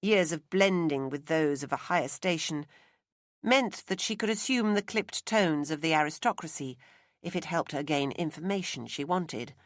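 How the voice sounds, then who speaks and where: A woman narrating an audiobook in a measured, expressive reading. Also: deep voice, no room sound, clean studio sound. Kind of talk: scripted narration. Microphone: close studio mic.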